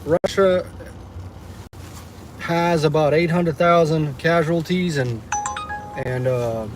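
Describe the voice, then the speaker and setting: A man's voice: on the high side, takes it slowly. A man livestreaming from inside his car, ranting in a profane, irritated way and chatting casually with viewers. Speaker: livestreamer driving for rideshare. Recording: music playing in the background.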